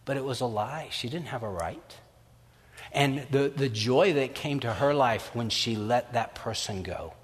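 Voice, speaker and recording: A man preaching a sermon as pastor, lively and acting out the voices of doubters. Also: mid-range voice, measured pace. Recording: reverberant hall.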